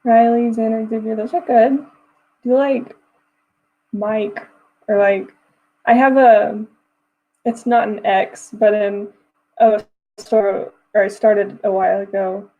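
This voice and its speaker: Reading comments on her writing livestream, a young woman chats casually with viewers, giggling often and talking in loose, restarting phrases. She speaks slowly in a steady mid-range voice with long pauses, and the sound is phone quality.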